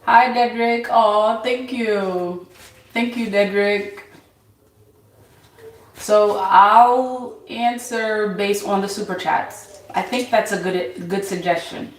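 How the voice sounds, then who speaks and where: A woman hosting a casual tarot livestream, reading viewers' names from the chat and answering them in an unhurried way. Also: medium pitch, echoey room, far from the mic, low-quality recording. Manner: unhurried, reads chat names aloud, laughs easily.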